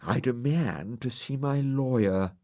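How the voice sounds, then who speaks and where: A man's voice: mid-range voice, slow, dark tone, pitched above the performer's own voice, lightly acted. A man voicing a prim, dignified female cow who sounds haughty and affronted.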